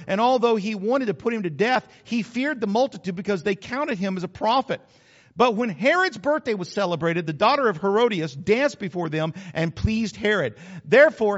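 A man's voice: high voice, big-room sound, dull audio. A middle-aged man, a pastor preaching a sermon in an emphatic, conversational, repetitive way. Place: church.

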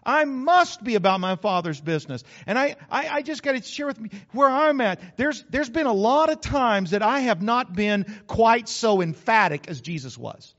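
A man preaching in a folksy, talkative way, voice pitched high for a man. He drops into playful acted asides to make his points, and the recording sounds a bit muffled. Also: lively intonation, moderate pace, hardly any pauses, fairly bright tone. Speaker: pastor. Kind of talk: sermon.

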